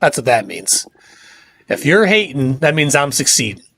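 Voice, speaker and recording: A man's voice: medium pitch, big pitch swings, moderate pace, vocal fry, fairly bright tone, slightly rough. A middle-aged man, chatting casually on a game livestream and ranting with cussing. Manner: fired-up ranting with cussing and laughs. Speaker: livestream gamer.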